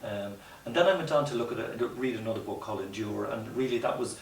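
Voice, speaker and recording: A man's voice: on the low side, fast. A man as a podcast guest, telling his story in an earnest, reflective way with frequent "you know" asides. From Ireland. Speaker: guest, mountaineer. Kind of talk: conversational storytelling interview. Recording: roomy distant mic with faint hiss.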